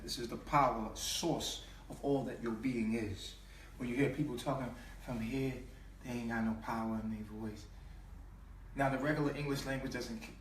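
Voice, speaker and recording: His voice is mid-range and a bit bright, with slight background noise, as he passionately teaches on spiritual matters using slangy street language. He repeats and stretches sounds emphatically to make his point, recorded from a distance in a room with echo.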